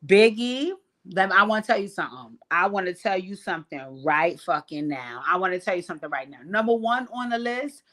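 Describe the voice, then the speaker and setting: A young adult woman hosting a casual commentary vlog, recapping reality TV. She talks in a sassy, blunt, profane way, with big jumps in pitch and volume. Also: lively intonation, a little fast, a bit bright.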